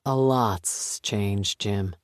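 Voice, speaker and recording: A man voicing a forty-something retired FBI agent, speaking slow, low and sardonic. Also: dry recording, clean studio sound.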